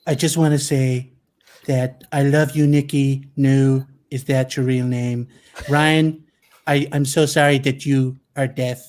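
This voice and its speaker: A man's voice: medium pitch, flat delivery, unhurried, darkish tone, natural voice. A man doing an impression of a blustering older male politician, rambling and throwing insults in a self-important way over a video call. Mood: mocking.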